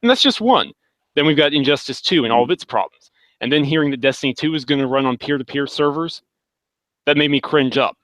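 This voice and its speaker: A man with a bright, forceful voice vents his frustrations emphatically in a casual podcast chat. The sound is dry and close. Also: mid-range voice, fairly even intonation, fast talker, no echo. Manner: exasperated ranting, emphatic. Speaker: podcast panelist.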